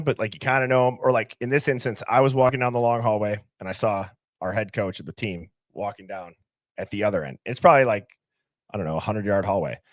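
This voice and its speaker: A man's voice: fairly low pitch, dry recording, studio quality. A young man hosting a livestream, talking casually and animatedly, firing off rhetorical questions. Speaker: livestream host.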